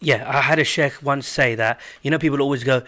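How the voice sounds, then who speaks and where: A man with a mid-pitched voice chats in a relaxed way, dropping short reactions and chiming in on the conversation. His tone stays casual and conversational. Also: fairly quick. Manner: relaxed, chatty, reacts briefly to his partner. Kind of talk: casual discussion.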